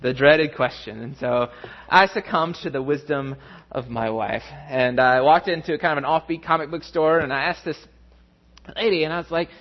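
A man preaching a sermon, telling a family story with lively, animated delivery. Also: fairly high pitch, fairly quick, dull audio. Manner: storytelling, animated, mimics voices in anecdotes. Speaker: pastor.

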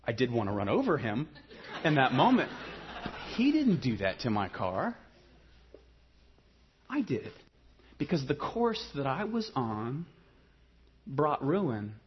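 A man from Ohio preaching a sermon, mixing humorous storytelling with quiet, earnest passages. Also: medium pitch, huge pitch swings, takes it slowly, long pauses, dull audio, slight background noise. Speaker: pastor.

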